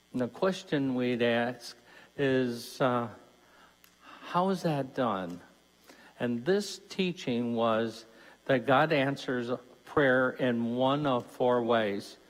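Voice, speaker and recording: Slow-speaking deacon preaching in a church. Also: male voice, medium pitch. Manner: conversational preaching, asks listeners questions. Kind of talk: Lenten mission talk. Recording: long church reverb.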